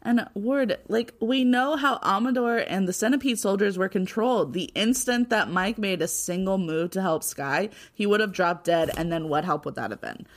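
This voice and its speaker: A woman's voice: mid-range voice, normal speed, few pauses. Laughing woman podcast co-host. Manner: laughs often, quotes characters in playful voices. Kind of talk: casual episode recap chat.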